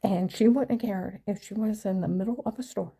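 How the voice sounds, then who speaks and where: A woman's voice: medium pitch, brisk, creaky, warm tone, husky, poor audio. An older woman rambling through an aggrieved story in a casual monologue.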